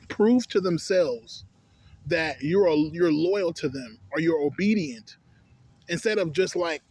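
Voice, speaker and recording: A man's voice: fairly high pitch, a little mellow, slightly rough. A young adult man telling a story in a casual, profane rant, exasperated and breaking into laughter between complaints.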